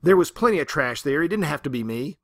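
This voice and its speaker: A man voicing a self-righteous Southern farm woman who rants and shouts at God, read aloud in a lecture. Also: medium pitch, fairly quick, no echo, clean studio sound. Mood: indignant.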